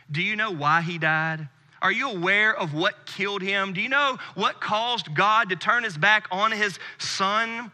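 A man in his thirties from the United States preaching a sermon with earnest intensity, dropping to a hush on key phrases. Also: on the high side. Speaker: pastor. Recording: long hall reverb.

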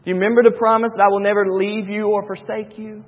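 High-voiced preacher in a hall. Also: male voice, flat delivery, fast. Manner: repetitive, emphatic preaching with homely asides. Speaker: pastor. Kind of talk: sermon. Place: church sanctuary. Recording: dull reverberant hall.

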